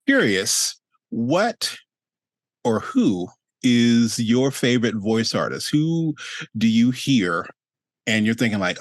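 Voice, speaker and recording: A man's voice: medium pitch, sing-song, measured pace, no echo. A man hosting a casual interview, playful and rambling as he asks his guest questions. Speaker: host.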